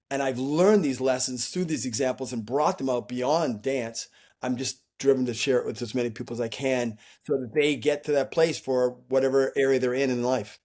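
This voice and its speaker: A man's voice: medium pitch, darkish tone. A man speaking as an interview guest, telling reflective stories and acting out the voices he quotes, with frequent restarts. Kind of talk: reflective conversational storytelling.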